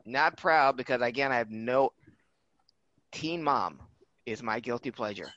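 A man in his fifties co-hosting a podcast, telling stories in a casual, animated, self-mocking way. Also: medium pitch, a little slow, no room sound, lo-fi sound. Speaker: podcast co-host. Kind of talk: casual chat.

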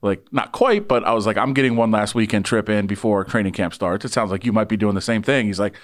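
A sports reporter with a fairly low-pitched voice and quick pace tells a long anecdote in casual chat. He's animated, voicing each person he describes.

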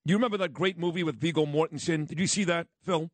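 A man's voice: on the high side, fast, no room sound. A man hosting talk radio, chatting in a rambling way with offhand asides. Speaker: radio host.

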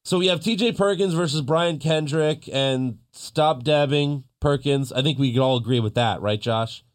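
A man hosting a casual podcast, recapping wrestling with animated storytelling and mocking impressions. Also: a little high, normal speed. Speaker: podcast host.

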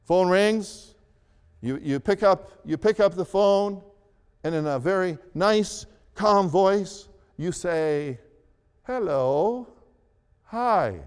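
Slow, deliberate preaching man in a hall. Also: sits high, smooth. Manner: slow, deliberate preaching with repeated phrases and emphatic rises. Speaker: pastor. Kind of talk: sermon. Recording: long reverb of a large hall.

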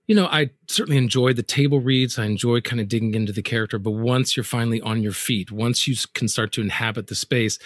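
A man's voice: mid-range voice, a bit bright, dry recording. A man hosts an interview podcast in a mid-range voice, recorded dry and close. He asks questions thoughtfully and sometimes trips over or repeats a word. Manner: thoughtful, with small stumbles and repeated words. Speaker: podcast host.

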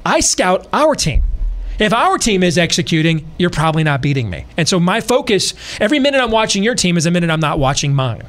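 A man hosting a podcast, talking in an animated, repetitive way and building his point through sports and war analogies. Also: sits high, fairly quick. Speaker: podcast host. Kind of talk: casual podcast talk.

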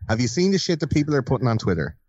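A male podcast host chats casually and teases his co-hosts with crude humor. His mid-pitched voice comes across dry and a little muffled. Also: very animated, rapid-fire, darkish tone, husky, no room sound. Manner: playful, crude, teasing. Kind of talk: casual chat.

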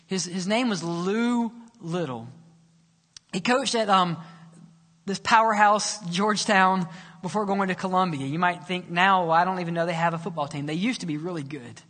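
A male preacher tells a story from the pulpit, his voice high and bright. He leans into the drama, dropping soft and low whenever he quotes someone. The sound rings out with the long tail of a church sanctuary. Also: moderate pace, long reverb tail. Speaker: pastor. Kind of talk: sermon storytelling.

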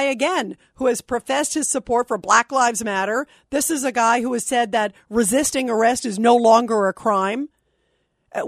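A woman's voice: high voice, dry recording. A woman hosting a call-in talk radio show, speaking in an impassioned, outraged and emphatic way into a studio microphone. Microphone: studio microphone, dry.

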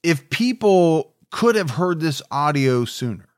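Steady, reflective true crime host, male. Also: on the high side, measured pace, no room sound, clean studio sound. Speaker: podcast host. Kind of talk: true crime podcast narration and discussion.

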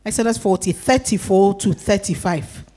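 A woman pastor preaching a sermon, lively and acting out the voices of a crowd. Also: mid-range voice, moderate pace.

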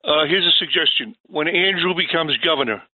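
A man's voice: on the high side, expressive, brisk, dry recording, phone-quality sound. A man calling in to a radio talk show, sounding friendly and eager. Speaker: caller. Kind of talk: call-in radio chat.

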